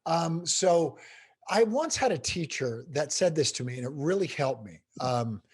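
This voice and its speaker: A man's voice: a little high, sing-song, measured pace, slightly rough. A middle-aged man, a guest speaker on a video call, telling a story with building intensity. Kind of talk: storytelling interview answer.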